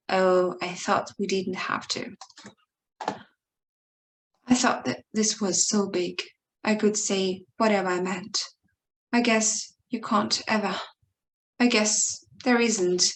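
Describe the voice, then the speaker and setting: A woman reading a short story aloud in a slow, emotional way, pleading and intense, now and then stumbling and restarting a word. Her pitch sits in an ordinary middle range. Faint noise hums under the recording. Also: low-quality recording. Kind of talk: expressive dramatic reading of a monologue.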